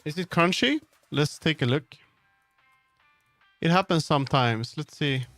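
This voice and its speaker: A man's voice: a little high, unhurried, a bit bright, dry recording, faint music behind. A man streaming live, chatting casually and muttering to himself as he troubleshoots. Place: home streaming setup.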